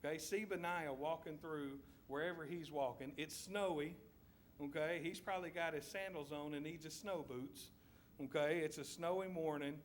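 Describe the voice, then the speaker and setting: A man's voice: fairly high pitch, steady tone, normal speed, slight background noise. A man with a Southern US accent preaching a sermon in church, telling a story vividly and asking his listeners to picture each scene.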